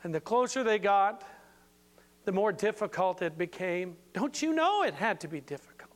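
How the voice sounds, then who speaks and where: Older guy preaching casual, high voice, jokey and folksy. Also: lively intonation, moderate pace. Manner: folksy and playful, with frequent asides. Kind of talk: informal sermon.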